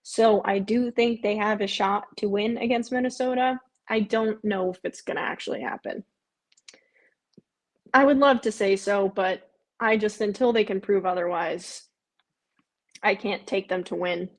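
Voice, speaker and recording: A woman's voice: medium pitch, moderate pace. Chatty woman streamer answering viewers. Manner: frequent "um" fillers and repeats herself. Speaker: live stream host. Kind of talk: casual live watch-along chat.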